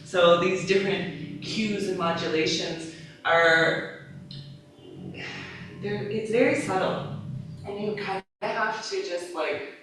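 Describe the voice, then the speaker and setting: A woman's voice: mid-range voice, slow, long pauses, slight background noise. A woman training yoga teachers, talking casually and acting out her cues, with frequent laughs. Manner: casual, lively, acts out cues, laughs often. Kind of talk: live teacher-training class talk. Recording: echoey room, mic far off.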